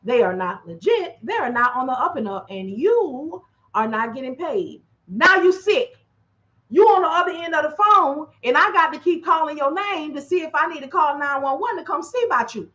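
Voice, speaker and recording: A woman dispatcher talking casually to her audience in a lively, animated way, acting out her phone calls and clearing her throat often. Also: sits high, moderate pace, dull audio. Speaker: freight dispatcher. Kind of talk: casual livestream talk. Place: drafty office.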